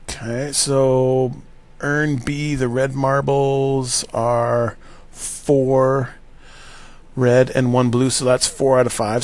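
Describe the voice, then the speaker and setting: A man at a mid pitch talks through worked math problems at an unhurried, slow pace. He thinks aloud, corrects himself mid-sentence and checks in with "right?" as he teaches. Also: a little mellow.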